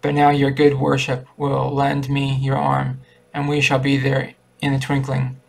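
A gossiping old woman who cackles, from a spooky story read aloud, voiced by a man. The delivery stays level and unhurried, with a heavy gravelly fry under every phrase and almost no rise or fall. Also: medium pitch. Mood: gossipy. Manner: flat, barely changed reading voice.

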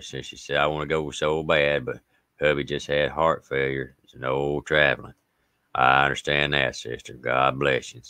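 A man with an Appalachian accent hosts a casual livestream, reading viewer comments and stories in a folksy way and warmly greeting people by name. His voice is a rumbling low with vocal fry and a clean tone, with no echo.

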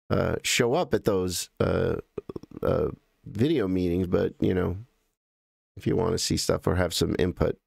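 An American man hosting a live stream, chatting casually and in a halting, rambling way as he greets viewers by name. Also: sits low, gravelly, a little mellow, no room sound, clean studio sound.

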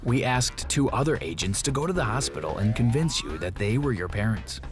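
A man voicing a calm father who is a secret agent in an animated story, explaining steadily. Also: mid-range voice, brisk, music in the background, lightly acted.

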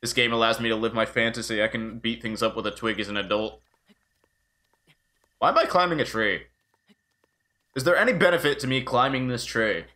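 A man's voice: mid-range voice, brisk, long pauses, sharp tone. A man streaming a video game live and chatting casually, joking and swearing freely as he plays. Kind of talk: casual live gameplay commentary.

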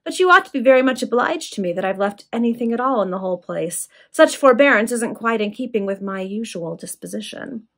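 A woman reading aloud, voicing a cool and menacing male villain in her own voice. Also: fairly high pitch. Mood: mocking. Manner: calm, mocking, unhurried.

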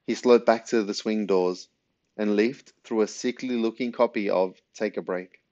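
A man narrating a children's novel in a steady storytelling manner. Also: fairly low pitch, normal speed. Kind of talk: audiobook reading of a children's novel. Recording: dull lo-fi recording.

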